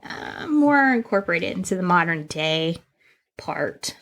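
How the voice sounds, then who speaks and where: A woman's voice: fairly low pitch, big pitch swings, a little slow, a bit bright. A woman co-hosting a podcast in casual chat, laughing often and drifting onto tangents. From Northern Kentucky. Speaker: podcast co-host. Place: indoors, seated on a squeaky chair.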